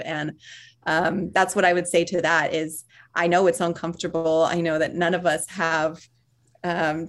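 A woman guest speaking earnestly and reflectively in an interview, laughing softly between thoughts. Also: lowish voice. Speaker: author and parent guest. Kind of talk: conversational interview.

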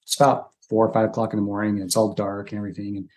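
A man from Utah in his forties, appearing as a podcast guest, tells a story in casual conversation. His voice is on the low side and he talks very fast, an animated, chatty storyteller who acts out the quotes.

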